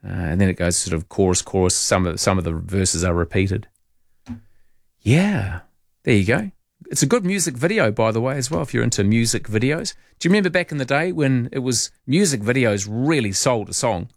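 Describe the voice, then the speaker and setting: With a gravelly, medium-pitched voice and lively intonation at normal speed, a man hosts overnight talkback radio, reading listener messages in a chatty, wry, meandering style and reading lyrics aloud. He's in a radio studio using a studio microphone, studio quality and free of room sound.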